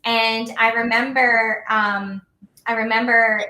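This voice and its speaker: A woman's voice: on the high side, little pitch movement, takes it slowly, bright, forceful tone. A woman in her thirties, a wellness coach, talking in a chatty, upbeat way full of fillers as a podcast guest. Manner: chatty, upbeat, many fillers like "like" and "you know". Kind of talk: casual podcast conversation. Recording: roomy echo.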